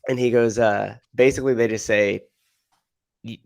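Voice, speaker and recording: A man's voice: lowish voice, fairly even intonation, normal speed, gravelly, no echo. A man co-hosting a podcast who talks in a casual, laid-back way and uses a lot of filler words. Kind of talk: casual conversation.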